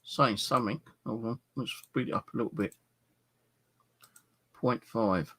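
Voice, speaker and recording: A man live-streaming from his flat, puzzling aloud over what a recording is saying. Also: medium pitch, measured pace, slightly rough. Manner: puzzled, keeps asking what a recording says. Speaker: paranormal vlogger.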